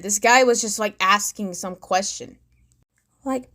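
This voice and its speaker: A woman's voice: a little high, a little slow, fairly bright tone. A woman hosting a reaction commentary video, chatty and sarcastic, with lots of fillers. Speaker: commentary vlogger.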